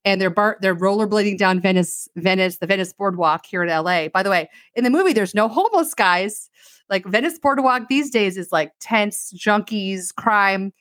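She's a podcast co-host recapping a film with a sardonic edge, her medium-pitched voice moving at a normal speed. Lots of "like," plus acted-out quotes, keep the casual storytelling animated, and the recording is dry and studio-clean.

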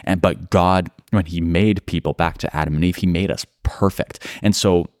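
Earnest young-sounding man, very deep voice. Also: fairly even intonation, normal speed, dry recording, studio quality. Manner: earnest, repeats "like" and "right?". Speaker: podcast co-host. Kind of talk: casual faith discussion.

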